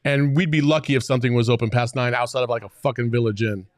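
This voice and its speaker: A man's voice: medium pitch, steady tone, fast, no echo, studio quality. A man co-hosting a casual sports podcast, loose and joking, swearing casually. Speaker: podcast co-host.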